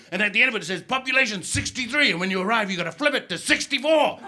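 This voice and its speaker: A man's voice: sits high, lively intonation, fast talker, hardly any pauses, a little hiss or hum. A man doing a stand-up set, telling stories and mimicking to build to punchlines. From New Zealand. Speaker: stand-up comedian. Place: comedy club stage. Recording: live club with loud crowd. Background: audience laughter.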